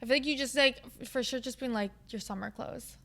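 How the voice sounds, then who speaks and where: A young woman with a slightly high voice, co-hosting a podcast. She talks in an upbeat, chatty way and fills her speech with "like". The tone is a relaxed chat between friends. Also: fairly quick. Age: young adult. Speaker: podcast co-host. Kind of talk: casual chat.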